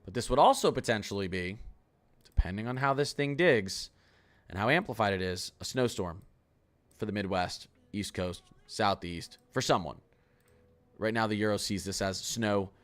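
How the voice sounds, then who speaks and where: Low-voiced, excitable male weather streamer. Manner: quick, excitable, chatty. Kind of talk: casual livestream weather talk.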